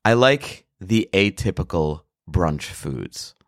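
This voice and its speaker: Man, podcast host, low voice, dry close sound, eager explainer. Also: very animated, slow, dry recording. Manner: enthusiastic, explanatory. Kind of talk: casual podcast chat.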